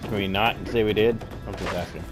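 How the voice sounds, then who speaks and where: A man's voice: on the low side, fairly even intonation, a little fast. A man giving casual gameplay commentary, sarcastic and grumbling, swearing at enemies. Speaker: gaming streamer. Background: game music.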